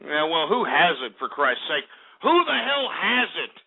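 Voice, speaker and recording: High-voiced guy hosting a call-in show, swears and stumbles over his words, tinny lo-fi sound. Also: big pitch swings, moderate pace, vocal fry. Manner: ranting, profane, stammering restarts. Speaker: radio talk show host. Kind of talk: angry call-in show rant. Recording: lo-fi phone-like audio.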